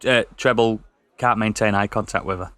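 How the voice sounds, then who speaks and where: A man's voice: lowish voice, fairly even intonation, moderate pace, fairly bright tone, dry recording, some chatter behind. A man playing in a tabletop game, describing his moves with stammers and hesitations. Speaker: player. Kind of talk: casual game talk.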